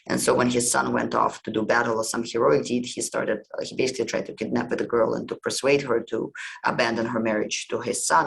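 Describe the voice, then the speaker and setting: Male podcast host, gravelly voice, casual meandering storyteller. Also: medium pitch, rough recording. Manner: conversational, meandering retelling.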